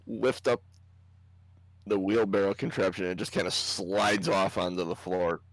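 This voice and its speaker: Game master, man, low voice, dry close sound, laid-back narration. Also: fairly even intonation, moderate pace, no echo. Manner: casual, laughs often while narrating.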